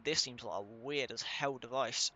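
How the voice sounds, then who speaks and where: A man's voice: medium pitch, normal speed, pushed and bright, a little hiss or hum. A young man giving casual commentary while reading game text aloud, swearing now and then and stumbling over hard names. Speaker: let's play gamer.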